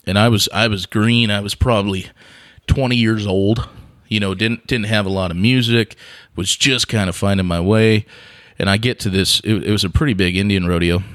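A man's voice: on the low side, steady tone, moderate pace, a bit bright, no echo, clean studio sound. A man from Montana, a podcast guest, telling casual stories and laughing often along the way. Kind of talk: casual storytelling.

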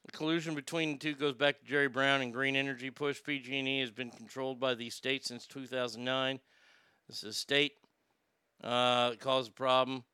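A man's voice: mid-range voice, flat delivery, normal speed, pushed and bright, smooth, no echo, clean studio sound. A man hosting a talk radio show, blunt and opinionated, swearing when frustrated. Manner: opinionated, rambling asides. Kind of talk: casual talk radio chat.

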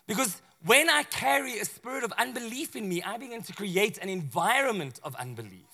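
This sermon comes from a male pastor with a bright, high-pitched voice who talks a little fast and rarely pauses. His manner with the congregation is chatty and lively, and he frequently plays the characters in his story.

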